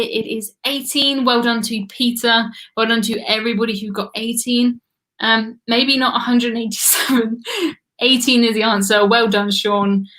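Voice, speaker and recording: A woman's voice: a little high, fairly bright tone. An English woman hosting a live trivia stream, chatting casually and laughing often as she reads viewer comments.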